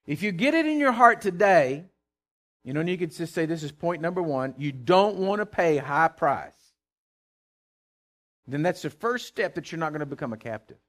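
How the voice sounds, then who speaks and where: A man preaching a conversational sermon, reading scripture aloud and commenting with animated asides and repeated words. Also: on the high side, normal speed.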